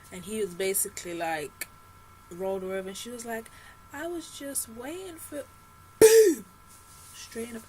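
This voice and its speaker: A woman's voice: medium pitch, slight background noise, rough recording. A young woman vlogging a casual film review, retelling the story in a chatty, slangy way with lots of fillers and asides. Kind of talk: casual chat.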